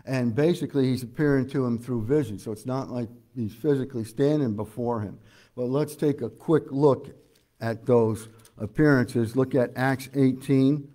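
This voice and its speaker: A pastor delivers a verse-by-verse sermon in a warm, relaxed tone at an ordinary middle pitch. He talks to his congregation conversationally, often filling pauses with "uh" and putting questions to them. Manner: preaches conversationally with frequent "uh" fillers; explains scripture verse by verse, asking the congregation questions. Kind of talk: expository sermon.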